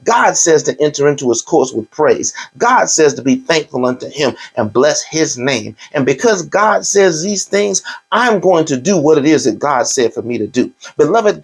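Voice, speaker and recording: A man's voice: a little high, husky. A male pastor preaching a sermon, fervent, with repeated cries and prayerful appeals. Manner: fervent, repetitive crying out in prayer.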